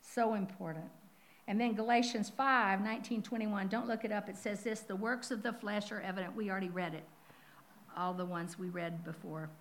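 Older woman, Bible teacher; animated, conversational sermon delivery with whispered asides. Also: medium pitch, moderate pace. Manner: animated storytelling with sudden whispers and exclamations.

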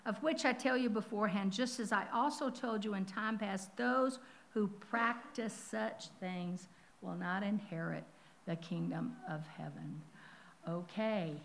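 Older lady preaching, lively storyteller, drops to whispers then gets loud. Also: mid-range voice, a little slow, creaky, slight background noise. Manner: animated storytelling with sudden whispers and exclamations. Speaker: Bible teacher. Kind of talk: sermon.

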